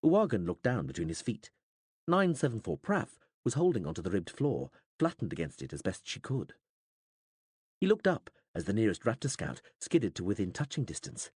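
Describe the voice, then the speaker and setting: A man narrates an audiobook with a lower-pitched, husky voice that swings widely in pitch as he tells the story. His delivery is dramatic and expressive. The recording is dry and close, with no room sound. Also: normal speed, no room sound. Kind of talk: scripted narration.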